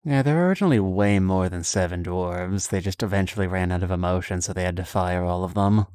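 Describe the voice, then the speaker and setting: A man's voice: low voice, brisk, a little mellow, clear, resonant tone, no room sound. A man chatting casually during a watchalong stream, making dry jokes about the show. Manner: dry, joking commentary.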